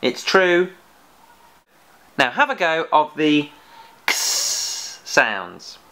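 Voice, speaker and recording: Male kids' phonics host, animated and sing-song, slow and encouraging, playful scolding. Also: on the high side. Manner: slow and exaggerated, sounding out letters. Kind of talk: children's phonics lesson with a puppet.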